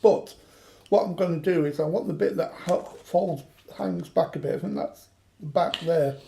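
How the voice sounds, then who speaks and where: A man's voice: a little high, moderate pace, creaky, warm tone. A man chatting through a craft demonstration, joking and poking fun at himself. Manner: joking, self-mocking banter.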